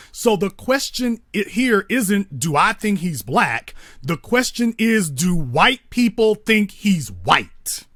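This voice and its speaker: Emphatic lecturing man, high lively voice. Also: no room sound, clean studio sound. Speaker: host. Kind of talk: call-in talk show, arguing a point.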